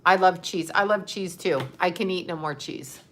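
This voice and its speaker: Hosting her own livestream, a grandmother talks in a rambling, emotional, casual way, with an occasional swear word. She has a lowish voice, a moderate pace, and a slight hiss or hum in the audio.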